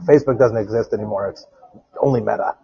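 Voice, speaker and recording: Gravelly and husky, this man's lowish voice moves at a quick pace with no echo. He's a podcast co-host on a phone call, rambling through stories and laughing a lot in casual chat as he walks outside and then into a quiet bar, over dull lo-fi phone audio.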